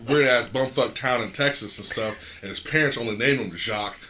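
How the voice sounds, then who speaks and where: A man's voice: medium pitch, a little fast. A man telling long, profane stories as a podcast guest, rambling and often laughing. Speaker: podcast guest, pro wrestler. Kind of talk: casual storytelling chat. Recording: noisy background.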